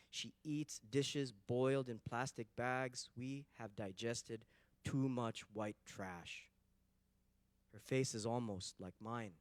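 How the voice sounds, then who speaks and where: A man recites poetry in a measured, declamatory way, letting each line land slowly. His voice is mid-pitched and the sound is close and dry. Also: a bit bright, no echo. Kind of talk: poetry reading.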